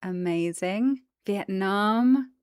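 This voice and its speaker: A woman's voice: mid-range voice, extremely slow, a little mellow, smooth, dry recording, clean studio sound. A woman chatting casually on a livestream, greeting viewers, giggling, tired after the gym. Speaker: streamer.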